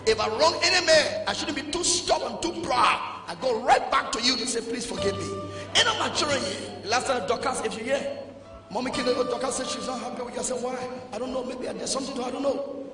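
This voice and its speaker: A man with a Liberian English accent preaching a sermon as pastor, dropping to low talk and rising to shouted exhortation. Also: fast. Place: large church hall. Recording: echoey hall, distant mic, music behind.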